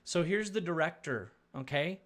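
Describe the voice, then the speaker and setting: A man's voice: a little high, lively intonation, moderate pace, a bit bright. A man commenting on video clips, preachy and stumbling, repeating words as he lectures viewers.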